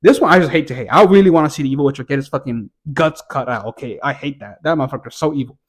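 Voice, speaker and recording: A man's voice: medium pitch, very fast. A man giving a casual, profane, rambling rant while reviewing TV shows. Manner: profane, exasperated, rambling with restarts.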